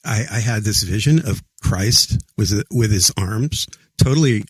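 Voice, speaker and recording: A middle-aged man, a podcast guest, earnestly recounting a personal story in a halting way, often repeating his words. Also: on the low side, breathy edge, dry recording. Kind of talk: casual storytelling interview.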